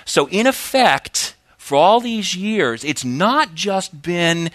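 A man preaching a sermon in an animated way, with big rises in pitch and slow, emphatic phrases. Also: dry recording. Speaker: pastor.

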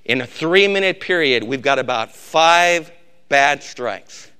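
An older man preaching a sermon as a pastor, swinging from loud exhortation down to low, quiet emphasis and repeating words for weight. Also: animated, slow pace, clean tone.

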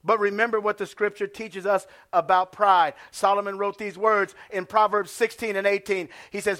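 A man preaching a sermon as pastor. He swings from hushed asides to shouted lines and calls out to the congregation. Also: high voice, steady tone, moderate pace, hardly any pauses.

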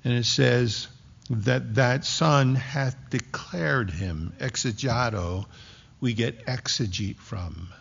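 Man preaching a sermon real slow, gravelly voice, kinda dull lo-fi sound. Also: medium pitch, a bit bright. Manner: slow, emphatic preaching with dramatic pauses. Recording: dull lo-fi recording.

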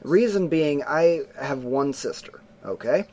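Middle-aged male co-host, casual film-review chat, lively storyteller who acts out scenes. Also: a little high, a little slow.

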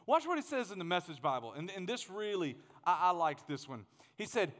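A man in his thirties preaching a sermon as pastor, animated and joking, often repeating words as he gets going. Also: high voice, a little fast, few pauses, in a large hall.

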